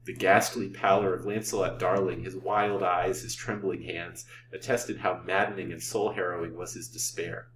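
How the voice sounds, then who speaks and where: A man reading an old-fashioned novel aloud as a storyteller, in a measured, theatrical way. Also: deep voice, flat delivery, a bit bright. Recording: roomy, distant mic, faint hum.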